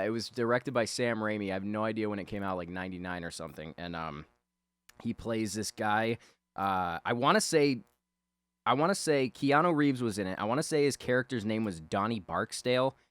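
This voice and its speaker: A man's voice: fairly low pitch, a bit bright, no echo. A man rambling casually and profanely as he talks over his drawing, chuckling often. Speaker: artist talking over a drawing.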